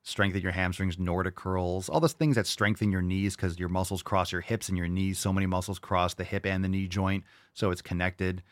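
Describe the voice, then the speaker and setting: A man's voice: low voice, steady tone, fairly quick, few pauses, no room sound. A man hosting a podcast and answering listener questions in casual chat, blunt and profane, mocking with disbelief. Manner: blunt, profane, mock-incredulous.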